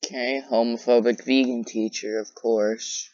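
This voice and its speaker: A woman's voice: rumbling low, steady tone, unhurried, a little mellow, a little hiss or hum. A woman commentating on clips in a sarcastic, incredulous way, with many hesitant fillers. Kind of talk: reaction commentary. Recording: dull lo-fi dry recording.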